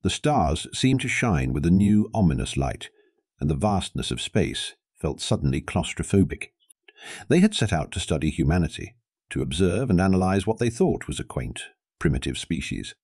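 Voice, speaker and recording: Deep-voiced guy narrating a sci-fi story, dry close sound, dramatic and steady. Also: normal speed, slightly rough, no room sound.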